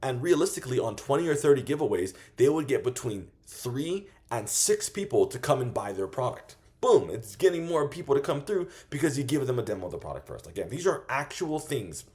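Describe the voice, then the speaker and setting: A man coaching small vendors in a loose, profane style, acting out quick sales pitches as he goes. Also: sing-song, a little mellow. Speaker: business coach. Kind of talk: casual instructional monologue.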